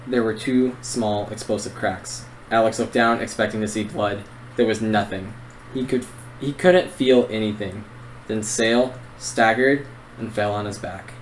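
A man's voice: lowish voice, fairly even intonation, unhurried, slight background noise, rough recording. A young man co-hosting a book podcast, reading narration aloud and chatting eagerly. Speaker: podcast co-host. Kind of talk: reading narration and casual chat.

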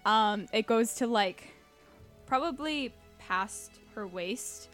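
Woman game master, slow unhurried narration, lots of ums, faint music behind. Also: on the high side. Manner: relaxed, hesitant with many fillers.

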